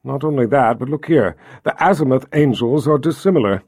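A man voicing a careful, earnest woman scholar of a religious order in an audiobook, speaking in a measured, thoughtful way. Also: mid-range voice, darkish tone, husky, dry recording, clean studio sound. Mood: puzzled.

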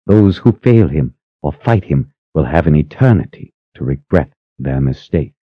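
A man's voice: expressive, normal speed, no room sound. A man doing a cold, menacing older sister. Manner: cold, menacing, low hiss. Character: stern commanding older woman, ruthless leader. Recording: slightly muffled dry recording.

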